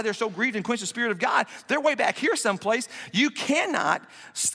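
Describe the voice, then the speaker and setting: In a church sanctuary with long hall reverb, a pastor in his fifties delivers an emphatic yet conversational sermon packed with rhetorical questions. His voice sits high and sounds pushed and bright.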